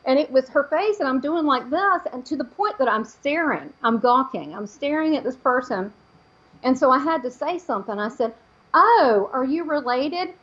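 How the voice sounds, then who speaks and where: Animated woman telling a story, lo-fi. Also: high-pitched, moderate pace. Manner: animated, acts out quoted voices. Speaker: guest, psychic medium. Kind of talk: telling a personal story in an interview.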